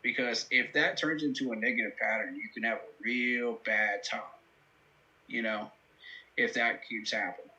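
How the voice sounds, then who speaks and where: A man's voice: medium pitch, steady tone, moderate pace, pushed and bright, poor audio. A man hosting a live football reaction stream, talking through the game in an earnest, analytical way with many fillers. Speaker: host.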